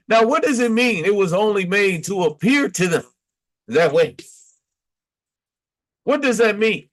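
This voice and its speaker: A male preacher delivers an exhortation, reading verses aloud and then unpacking them point by point. His voice sits fairly high and he speaks slowly, pausing often and pressing each point with a questioning "Okay?". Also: animated, fairly bright tone. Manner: emphatic, repeats points with "Okay?". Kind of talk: exhortation reading and explaining scripture.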